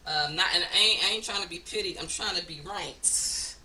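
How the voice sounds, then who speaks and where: A woman's voice: lowish voice, brisk, pushed and bright, recorded from a distance, slight background noise. A woman giving a casual oracle card reading, blunt and profane, with frequent laughs. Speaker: spiritual card reader.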